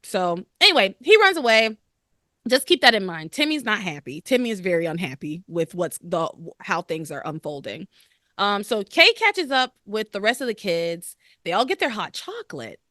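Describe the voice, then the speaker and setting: A woman hosts a casual podcast, her voice swinging widely in pitch as she acts out bits of the story. Her tone is bright and crisp, recorded dry with no room sound. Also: no room sound. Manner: animated, laughs often, acts out characters' lines. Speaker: podcast host. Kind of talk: casual recap chat.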